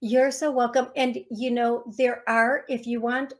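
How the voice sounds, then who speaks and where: A woman psychic medium giving a call-in reading on a radio show, speaking gently and calling the caller love. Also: a little high, level tone, a little slow. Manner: soft-spoken, affectionate, calls caller love. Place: radio studio.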